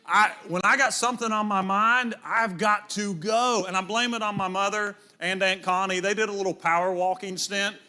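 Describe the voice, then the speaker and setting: Middle-aged guy preaching in church, high bright voice, tells stories and does little voices. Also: fairly even intonation, normal speed, hardly any pauses, soft background music. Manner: storytelling, acts out voices in quotes. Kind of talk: sermon.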